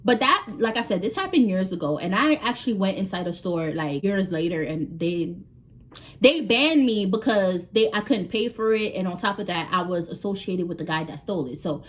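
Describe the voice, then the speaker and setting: A woman's voice: medium pitch, normal speed. A young woman telling a story on a casual vlog, swearing freely and acting out the dialogue. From New York. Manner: animated, swears freely, acts out quoted dialogue. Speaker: vlogger.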